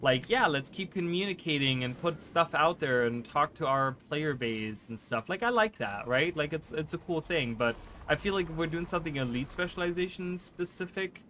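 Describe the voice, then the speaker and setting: A man streaming live gameplay who chats fast and rambles, often restarting his sentences. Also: fairly high pitch, animated, sharp tone, a little hiss or hum. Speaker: gaming streamer.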